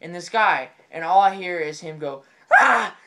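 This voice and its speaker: A man telling a comedic story in an excitable, rambling way, often repeating his phrases. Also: a little high, normal speed, very noisy.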